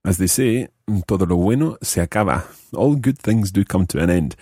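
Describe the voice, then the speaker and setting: Deep husky male language teacher. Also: lively intonation, warm tone, no echo, clean studio sound. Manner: explains slowly, repeats example phrases. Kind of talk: podcast language lesson.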